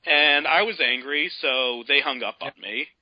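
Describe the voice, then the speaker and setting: A man calling in to a radio show, telling a long, exasperated story in a casual, animated way. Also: mid-range voice, unhurried, no echo. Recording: dull lo-fi radio broadcast.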